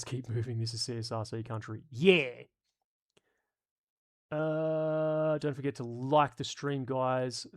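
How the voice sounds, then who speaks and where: Gravelly-voiced man chatting on a stream. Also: mid-range voice. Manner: joking, profane, rambling. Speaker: streamer host. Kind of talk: casual live-stream chat reading comments.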